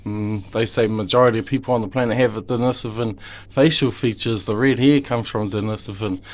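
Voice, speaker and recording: A man's voice: on the low side, steady tone, fairly quick. Emotional New Zealand man pleading. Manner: emotional, pleading, swears heavily, rambling. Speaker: father; video maker. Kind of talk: impassioned direct-to-camera monologue.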